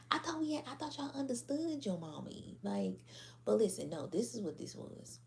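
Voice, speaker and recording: Woman tarot reader, AAVE slang, dark warm tone, faint hiss behind. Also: on the high side, sing-song, a little slow, creaky. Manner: blunt, profane, laughing, slangy. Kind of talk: casual tarot reading to viewers.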